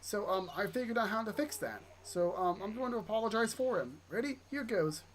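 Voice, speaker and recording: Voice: medium pitch, lively intonation, fairly quick, a little hiss or hum, pitched above the performer's own voice, close to an everyday voice. A player reading aloud for a timid, earnest little girl who hesitates often. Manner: hesitant, full of ums.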